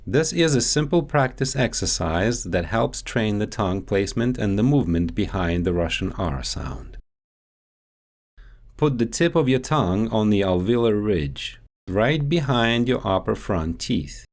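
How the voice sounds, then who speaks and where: A man speaking as a dialect coach, giving a measured, explanatory scripted instructional voice-over. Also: on the low side, sing-song, darkish tone.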